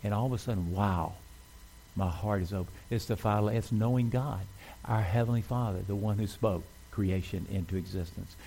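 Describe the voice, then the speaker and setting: A male pastor delivers a sermon to his congregation in an easy, conversational way, often turning to them with questions. His voice sits low and mellow. Faint room noise hangs behind him. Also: fairly quick, poor audio. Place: church.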